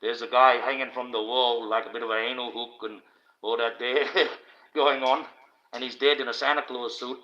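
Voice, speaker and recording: A man's voice: mid-range voice, fairly even intonation, normal speed, pushed and bright. Blunt, profane Australian man ranting. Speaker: livestream host. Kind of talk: ranting livestream monologue. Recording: dull lo-fi stream audio.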